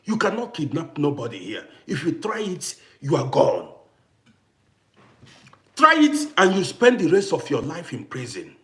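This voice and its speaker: Vlogger, male, parent of adult kids: high voice that swings widely, hammers each point home. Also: huge pitch swings, a little slow, a bit bright. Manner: emphatic, repetitive, challenging. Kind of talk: ranting to camera. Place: living in Austria.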